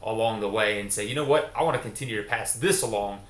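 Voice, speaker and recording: A man's voice: lowish voice, fast talker, noisy background. A man in his forties hosting an interview podcast, asking long, rambling, friendly questions with many fillers. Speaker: podcast host. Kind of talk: conversational interview. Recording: echoey room.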